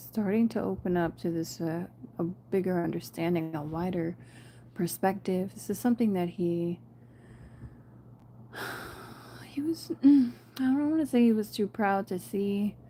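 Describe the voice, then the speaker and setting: A tarot reader gives viewers a casual spiritual reading, chatty and laughing often, calling them "you guys" and "y'all." Her voice is medium-pitched and mellow, with slight background noise.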